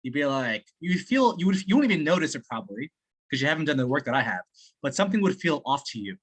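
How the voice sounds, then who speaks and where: A man on a video call giving sales-practice feedback in casual chat, excitable and profane, laughing as he talks. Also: fairly high pitch, fast, slightly rough. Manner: excitable, swears often, laughs while talking.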